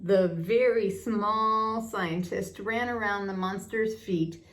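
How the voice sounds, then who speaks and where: An older woman narrating a children's storybook aloud, her reading lilting and expressive. Her voice sits at an ordinary middle pitch for a woman. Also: slow pace.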